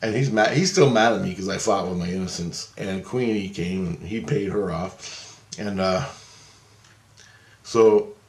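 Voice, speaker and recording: Guy with a lowish voice rambling thru a story, lots of restarts, echoey room. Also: unhurried, pauses often. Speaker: vlogger. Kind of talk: casual storytelling monologue.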